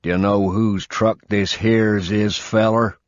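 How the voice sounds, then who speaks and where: A man voicing an old southern American man in his sixties who holds a gun, swearing in a slow drawl. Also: fairly low pitch, level tone, dry recording, voice pushed up. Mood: menacing drawl. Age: 60s. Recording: dull lo-fi recording.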